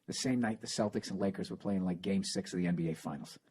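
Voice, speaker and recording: A man's voice: deep voice, fast, darkish tone, breathy edge. A man in his forties, a comedian hosting a podcast, telling stories in a casual, profane way and acting out other people's voices. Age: 40s. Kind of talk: casual storytelling chat.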